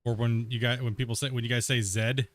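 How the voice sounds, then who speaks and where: A man's voice: mid-range voice, level tone, quick pace. A young man casually chatting while he streams a game, laid-back and laughing at himself, cursing freely. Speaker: gaming streamer. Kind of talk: casual live-stream chat while playing.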